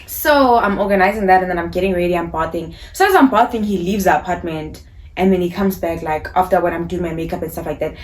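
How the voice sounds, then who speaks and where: A young woman in her twenties with a South African accent, telling a personal story in a casual, animated, slangy way. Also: on the low side, fast. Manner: animated, acts out dialogue, slangy. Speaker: YouTuber.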